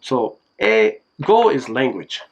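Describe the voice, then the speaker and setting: A man casually explaining simple phrases in a home video lesson, relaxed and slow, with many fillers. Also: a little high, gravelly, muffled recording.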